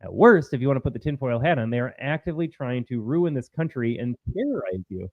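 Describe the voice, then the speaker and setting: A man's voice: mid-range voice, lively intonation, fast, narrow, tinny audio. A man hosting a political livestream, talking in a combative, sarcastic way. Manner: combative, sarcastic, mocking voices of opponents. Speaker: political commentary host. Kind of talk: livestream commentary.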